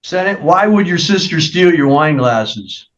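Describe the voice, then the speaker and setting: A man's voice: a little high, animated, a little slow, highs cut off. A male judge at a hearing, asking firm, probing questions.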